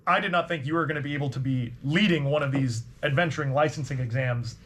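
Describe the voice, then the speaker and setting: A man voicing a gruff, pompous old birdlike company commander with folksy corporate patter, in a tabletop game. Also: fairly high pitch, quick pace, a bit bright.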